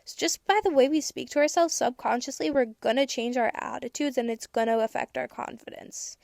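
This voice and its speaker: A woman's voice: sits high, a little fast, vocal fry, no echo. Chatty teen girl, dry sound. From United States. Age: teens. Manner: candid and chatty, with casual swearing and bursts of excitement. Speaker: podcast host. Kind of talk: casual advice monologue.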